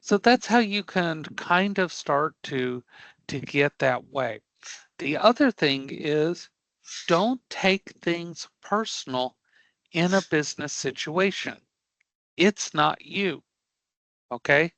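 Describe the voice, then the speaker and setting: In a live online lecture, a career prep instructor speaks slowly in a bright, somewhat high voice with lively intonation. The recording is close and dry, and the audio is poor. He's emphatic and blunt, treating angry customers as nothing serious and repeatedly checking in with the class through rhetorical questions.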